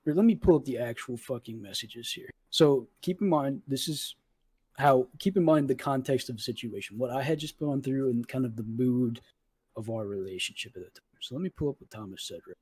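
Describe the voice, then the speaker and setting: A husky-voiced man in his twenties hosts a podcast, telling a long story in a loose, casual way. He swears often and acts out what each person said in the argument. His voice sits at an ordinary pitch and sounds dry and close to the mic. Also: brisk, darkish tone, no room sound. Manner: profane, retells arguments with quoted dialogue. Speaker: podcast host.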